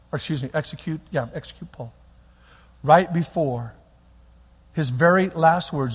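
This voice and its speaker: Male pastor, sermon, high voice, big dynamic swings, long church hall reverb. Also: husky. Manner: animated, swings between loud bursts and quiet, near-whispered lines.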